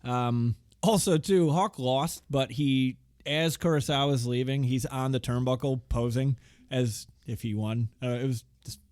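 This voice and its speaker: A man's voice: medium pitch, unhurried, a little mellow, no echo, studio quality. A man in his thirties co-hosting a casual podcast, rambling with lots of fillers and casual swearing. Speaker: podcast co-host. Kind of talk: casual chat recapping wrestling.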